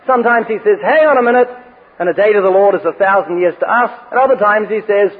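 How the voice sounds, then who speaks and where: High-voiced preacher on tinny radio. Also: male voice, fast talker, breathy edge. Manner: joking, anecdotal preaching with scripture readings. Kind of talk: sermon. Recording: phone-like radio broadcast with long reverb.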